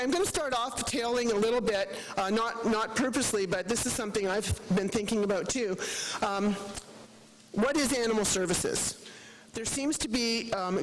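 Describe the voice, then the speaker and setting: A woman's voice: medium pitch, slight background noise, poor audio. Chatty woman presenting to a council. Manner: chatty, loose, with many fillers. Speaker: animal rescue representative. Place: council chamber.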